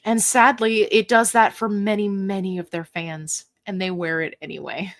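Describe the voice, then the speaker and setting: A woman's voice: mid-range voice, level tone, moderate pace, a bit bright, dry recording. Chatty, playful woman hosting a livestream. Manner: chatty, playful and self-mocking, laughs often. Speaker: livestream host. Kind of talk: casual live Q&A, reading chat comments.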